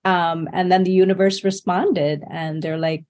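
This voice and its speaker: A woman's voice: on the low side, fairly even intonation, a little slow, a little mellow. Female podcast host, effusive and affirming, casual interview chat.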